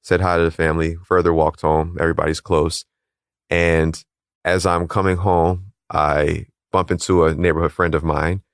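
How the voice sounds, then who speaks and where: A man with a very low voice speaks as an interview guest, recounting a personal story in a calm, measured way. He slips into the voices of the people he quotes. His voice sounds close and dry, with no room echo. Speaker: interview guest, calisthenics league founder.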